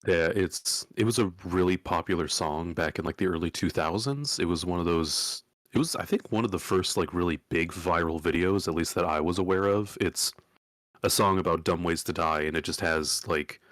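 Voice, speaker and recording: A man's voice: deep voice, moderate pace, fairly bright tone, no room sound, studio quality. A man playing a tabletop game, chatty and self-deprecating, apologizing as he sorts out his turn. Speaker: player. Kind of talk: casual game chat.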